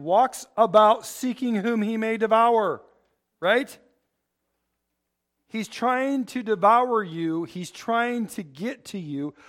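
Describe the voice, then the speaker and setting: A man's voice: high-pitched, a bit bright. A man preaching a sermon, rambling with humorous asides and asking the congregation to fill in the words. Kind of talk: sermon with call-and-response.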